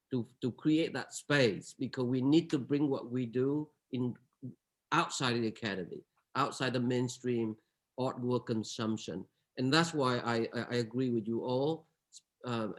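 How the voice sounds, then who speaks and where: A man speaking as a curator on a panel, earnest and searching, often restarting his sentences. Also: medium pitch. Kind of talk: reflective panel remarks.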